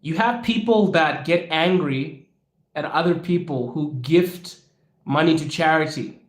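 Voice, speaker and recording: A man hosting his own podcast, answering viewer questions in a casual, animated way and acting out the people he quotes. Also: fairly high pitch, a little slow, roomy sound. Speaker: podcast host. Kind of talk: casual Q&A monologue. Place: lives in Russia.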